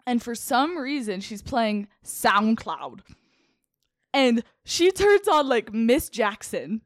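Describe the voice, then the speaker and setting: A young woman with a high voice tells a story on a casual podcast. Her pitch swoops up and down as she talks, and she keeps giggling and leaning on "like." The sound is close and dry. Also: sing-song, takes it slowly, no room sound. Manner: giggly, lots of "like" fillers. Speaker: podcast host.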